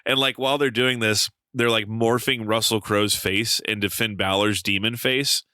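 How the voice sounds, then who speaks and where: Lower-voiced man telling a story with energy. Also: normal speed, clear, resonant tone, no room sound. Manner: animated storytelling with frequent swearing and fillers. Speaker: podcast co-host. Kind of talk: casual chat.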